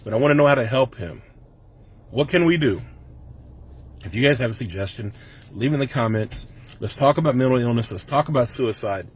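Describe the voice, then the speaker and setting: A man's voice: mid-range voice, lively intonation, a little fast, long pauses, breathy edge. A middle-aged man talking to camera in a personal vlog, earnest and rambling, fighting back tears as he speaks. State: emotional, holding back tears. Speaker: vlogger. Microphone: camera mic.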